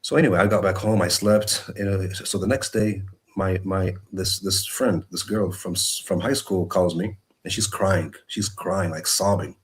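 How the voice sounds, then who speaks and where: Male guest calling in over video, lowish voice, earnest and halting testimony full of restarts. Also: steady tone. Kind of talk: personal testimony. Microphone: video call.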